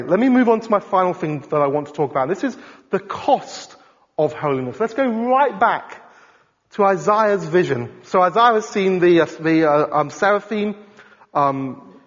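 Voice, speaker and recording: Animated high-voiced man preaching. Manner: animated, conversational, asks the congregation questions. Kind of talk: sermon. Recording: dull sound in a reverberant hall.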